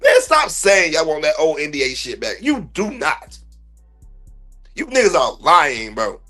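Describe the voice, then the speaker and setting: High-voiced man on a profane sports rant. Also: sing-song, unhurried, sharp tone, faint music behind. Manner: profane, blunt, fired-up slang-heavy ranting. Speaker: sports podcast host. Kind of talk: heated livestream sports rant.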